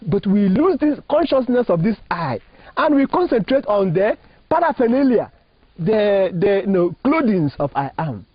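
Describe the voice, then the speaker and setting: Emphatic Nigerian priest, lively rising pitch. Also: male voice, moderate pace, breathy edge, no room sound. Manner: emphatic, preacherly, rising and falling phrasing, asks rhetorical questions. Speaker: Catholic priest. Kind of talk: spiritual teaching in an interview. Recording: dull lo-fi dry recording.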